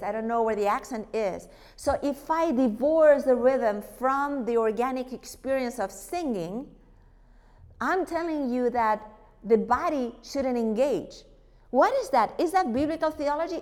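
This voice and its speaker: Animated woman lecturing in a reverberant hall. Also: on the high side. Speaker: worship teacher. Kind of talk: lecture to a church group.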